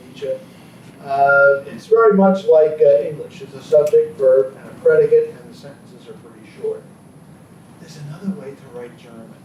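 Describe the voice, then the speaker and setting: A man's voice: on the high side, highs cut off, slight background noise. A man giving a political science lecture in a classroom, rambling with frequent ums and asides. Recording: echoey classroom from far off.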